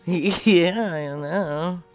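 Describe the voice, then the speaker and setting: A woman hosting a stream, chatting casually, swearing freely and drifting between quiet mutters and loud bursts. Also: lowish voice, extremely slow, soft background music. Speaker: stream host making prank calls.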